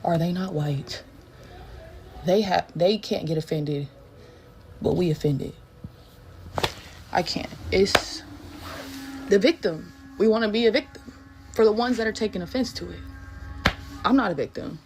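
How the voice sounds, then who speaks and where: A woman in a casual video rant who talks in an animated, incredulous way, a little away from the mic. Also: fairly low pitch, unhurried, pauses often, music in the background, low-quality recording.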